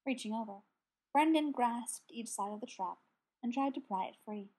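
Woman narrator, audiobook, breathy and somewhat high. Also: normal speed, warm tone.

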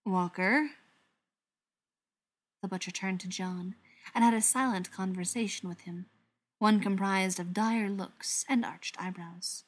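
A woman narrating an audiobook in a calm, measured reading. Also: mid-range voice. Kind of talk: scripted narration.

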